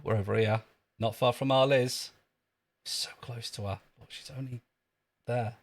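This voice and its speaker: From an outdoor queue, a man chats on a live stream in a dry, sardonic, joking way. His voice is lowish and gravelly, at normal speed, and he pauses often.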